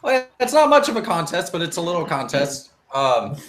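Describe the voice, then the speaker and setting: A man's voice: fairly high pitch, very animated, brisk, fairly bright tone. A man hosting a tech podcast in casual chat, rambling through explanations and cracking jokes. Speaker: podcast host.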